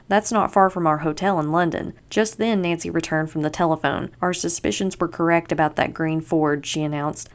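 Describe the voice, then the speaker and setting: A young woman podcast host reading a mystery book aloud, lightly acting out the dialogue. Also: deep voice. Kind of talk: storybook read-aloud with character voices.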